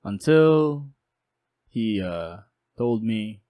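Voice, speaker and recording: A young man casually telling a personal story in a lively, jokey way, with quick asides. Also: fairly low pitch, dry recording, highs cut off. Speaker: storytelling YouTuber.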